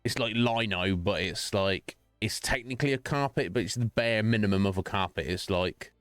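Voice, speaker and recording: A man's voice: fairly low pitch, moderate pace, a bit bright, no echo, faint music behind. A man streaming, chatting casually in a rambling, profane way with many restarts. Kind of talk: casual chat while streaming.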